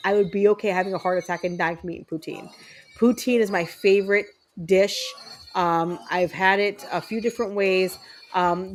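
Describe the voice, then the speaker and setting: A woman's voice: medium pitch, poor audio. Chatty woman streamer, faint music behind. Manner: chatty, upbeat, many ums. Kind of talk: casual chat while gaming.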